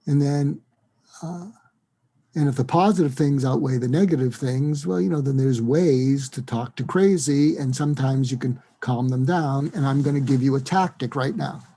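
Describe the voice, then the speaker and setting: A man, a psychiatrist, giving advice in an interview, acting out lively example dialogues. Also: medium pitch, normal speed. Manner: animated, acts out dialogue in quoted voices. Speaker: psychiatrist and guest.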